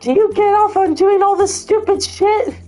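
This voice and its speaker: A furious male game plumber, put on by a woman in a raised, high voice. He yells and curses in long rants. The voice is pushed well above her own. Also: fairly even intonation, normal speed, faint music behind. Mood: enraged. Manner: yelling, cursing rants.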